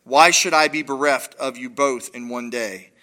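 An anxious mother urging her younger son to run, worn down and weary, as a man reads her lines aloud. The voice stays low and subdued, with a sharp edge. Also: moderate pace, close to an everyday voice. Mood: urgent.

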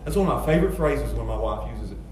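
A man preaching a sermon, moving between quiet, low storytelling and loud, emphatic passages. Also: animated, quick pace, a little hiss or hum. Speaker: pastor. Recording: echoey church sound from a distance.

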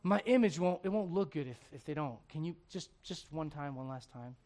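A man's voice: on the high side, lively intonation, fairly quick, darkish tone, lightly acted. A man voicing an insecure, image-obsessed king who pleads in a hesitant, wheedling way. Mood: pleading.

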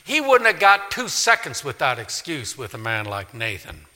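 A male pastor preaching a sermon in a church, emphatic, swinging from loud declaring to quiet pleading. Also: medium pitch, huge pitch swings, moderate pace. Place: church sanctuary. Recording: long reverb of a large hall.

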